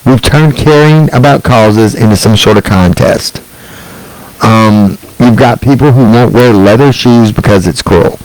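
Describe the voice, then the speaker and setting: A man's voice: medium pitch, measured pace, a little mellow, no room sound, rough recording. A middle-aged man hosting a solo online show, ranting bluntly and profanely, rambling with restarts and asides.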